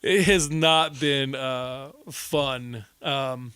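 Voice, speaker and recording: A man's voice: medium pitch, very slow, smooth, no echo. A man in his thirties, co-hosting a podcast and telling stories in a casual, profanity-laced way. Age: 30s. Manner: animated, swearing storyteller. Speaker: podcast co-host. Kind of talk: casual chat.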